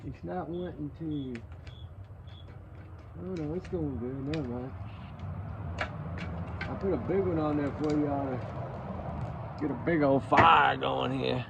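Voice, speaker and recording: Gravelly man by a campfire. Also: medium pitch, darkish tone, muffled recording, slight background noise. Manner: rambling, folksy, swings between joking and angry. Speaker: channel host. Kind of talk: casual nighttime talk by a campfire. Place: outdoors at a campfire at night.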